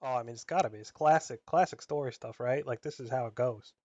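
A man's voice: mid-range voice, quick pace, darkish tone, no room sound. Male player, hedgy and filler-heavy, dry muffled recording. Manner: hedging, lots of fillers. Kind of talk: casual tabletop play.

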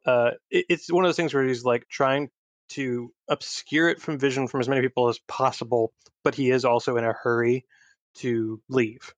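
A man taking part in a tabletop game, working through his character's choices aloud with plenty of ums and pauses. His mid-pitched voice comes through a dull, lo-fi mic with a dry, close sound. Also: steady tone, dry recording. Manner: hesitant, thinking aloud with many fillers. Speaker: player.

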